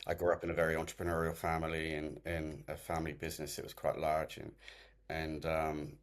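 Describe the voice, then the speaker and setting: A man speaking as an interview guest, talking in a halting way with restarts and fillers, calling in remotely. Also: rumbling low, completely flat delivery. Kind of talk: conversational interview. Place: remote call.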